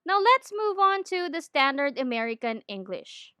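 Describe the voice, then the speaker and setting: A woman giving a scripted lesson on training, in a clear, deliberate teaching manner. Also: high-pitched, big pitch swings, bright, forceful tone, no echo, clean studio sound. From Philippines. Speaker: accent trainer.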